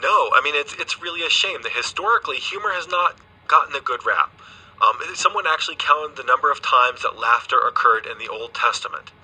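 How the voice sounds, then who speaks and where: Man as a radio guest expert, hesitant and patient, bright, husky tone. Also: mid-range voice, expressive, a little fast, rough recording. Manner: hesitant, restarts phrases, explains patiently. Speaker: guest scientist. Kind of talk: radio interview. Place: remote studio.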